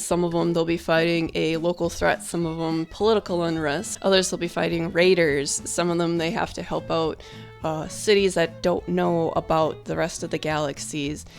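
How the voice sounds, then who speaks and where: Young woman vlogging about her book, kinda gravelly low voice, soft music behind. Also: little pitch movement, moderate pace. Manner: chatty, upbeat, laughs at herself. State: out of breath at first. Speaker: vlogger and author. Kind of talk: casual chat to camera.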